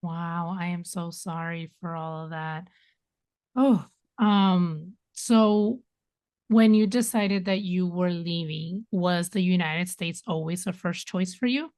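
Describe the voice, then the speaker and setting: A woman hosting a podcast interview, asking gentle, sympathetic questions. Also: fairly low pitch, slow pace. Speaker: podcast host.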